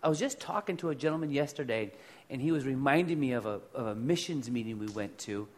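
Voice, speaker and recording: A male pastor preaching in a relaxed, conversational way, built around personal stories. His delivery is animated, jumping from loud emphatic bursts to soft, low asides. His voice sits at an ordinary middle pitch for a man. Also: fast talker. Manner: animated, swings between loud and quiet.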